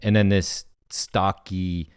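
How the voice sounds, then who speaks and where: A man co-hosting an improvised comedy podcast, describing a scene in a relaxed, director-like way. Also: deep voice, slow, smooth, no echo, clean studio sound. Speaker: co-host.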